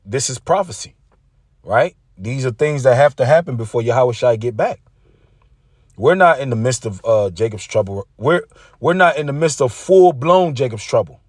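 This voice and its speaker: A man's voice: mid-range voice, a little mellow, no room sound. Man, preacher, combative, scripture reading, dry recording. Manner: combative, reads scripture aloud, mocking rivals. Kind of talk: street-preacher sermon video.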